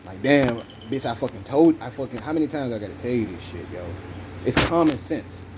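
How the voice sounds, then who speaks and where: A man from the telling a personal story in casual, profane, animated chat. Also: brisk, a little hiss or hum, rough recording. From Southern United States. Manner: animated, profane, jumps into high voices when quoting himself. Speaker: podcast host.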